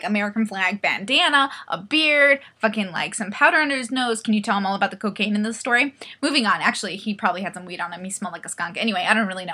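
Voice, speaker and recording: Bright, animated young woman telling a story. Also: medium pitch, husky. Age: 20s. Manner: animated, profane, acts out quoted voices. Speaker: vlogger. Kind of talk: comedic storytelling vlog.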